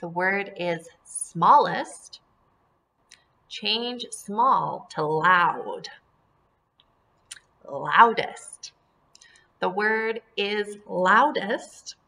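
A woman teaching a second-grade class, drilling words and syllables slowly and clearly and encouraging the children. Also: mid-range voice, lively intonation, sharp tone. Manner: slow, deliberate word drills with clear enunciation. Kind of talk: phonemic awareness lesson for young children.

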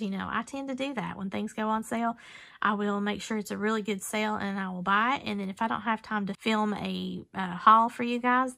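A woman vlogger chatting casually as she unboxes things, gushing and easily excited. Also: mid-range voice, creaky. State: out of breath. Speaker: jewelry-making vlogger.

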